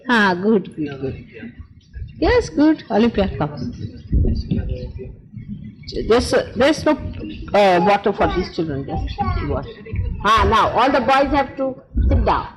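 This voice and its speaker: Woman coaxing children with lively pitch. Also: slow pace, pauses often, music in the background. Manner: coaxing, repetitive, motherly urging of children. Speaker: spiritual teacher leading a ceremony. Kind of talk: informal instructions at a ritual gathering. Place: indoor ritual gathering. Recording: noisy live event recording.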